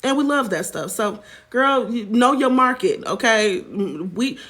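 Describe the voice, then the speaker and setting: A woman's voice: fairly high pitch, expressive, unhurried, a bit bright. A woman hosting a celebrity gossip show, chatty and sassy, calling her viewers child and honey. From United States. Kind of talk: casual celebrity gossip commentary.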